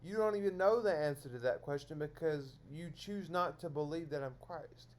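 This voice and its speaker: A man's voice: a little high, moderate pace. A man lecturing his viewers in a solo stream monologue, scolding them over and over in repetitive phrases.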